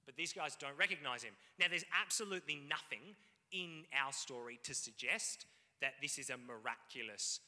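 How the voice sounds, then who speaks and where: Guy preaching, chatty animated storytelling, super bright tone, big reverby church. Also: medium pitch, moderate pace. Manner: animated storytelling with audience asides. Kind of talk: sermon. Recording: long reverb in a hall.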